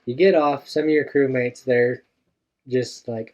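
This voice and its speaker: A man's voice: mid-range voice, steady tone, unhurried, darkish tone. A male co-host in casual chat, playfully walking a guest through an imagined adventure. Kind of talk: casual chat, narrating a made-up scenario. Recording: dull lo-fi sound.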